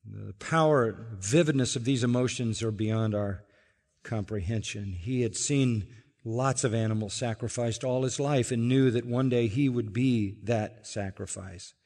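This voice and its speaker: A man preaching a sermon as pastor, earnest and explanatory, building to emphatic peaks and dropping low again. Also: unhurried, a little mellow. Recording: long reverb of a large hall.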